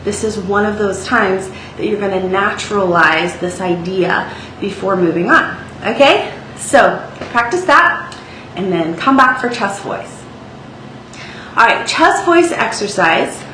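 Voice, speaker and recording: A woman gives a singing lesson in a bright, ringing voice, chatting through the exercises and checking in often. Her voice bounces around an echoey room, with faint ambient noise underneath. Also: medium pitch, animated, measured pace. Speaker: singing teacher. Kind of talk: vocal lesson with sung demonstrations.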